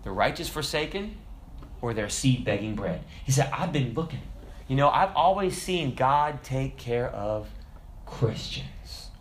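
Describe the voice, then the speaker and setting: A man preaching a sermon in a conversational, animated storytelling manner, with frequent asides to his listeners. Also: medium pitch, a little slow.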